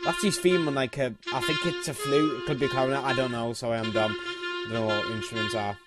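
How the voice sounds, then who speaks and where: A man's voice: medium pitch, steady tone, brisk. A young man with a sore throat, giving profane, exasperated commentary while playing a game. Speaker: let's play gamer. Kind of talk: casual gameplay commentary. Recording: loud game music underneath. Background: looping clarinet game music.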